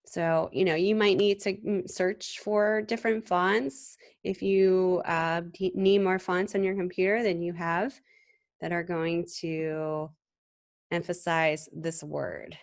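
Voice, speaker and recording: Gravelly-voiced woman teaching a software tutorial. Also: on the low side, slow. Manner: relaxed, conversational, with frequent ums and restarts. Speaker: design instructor. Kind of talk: screen-recorded software tutorial.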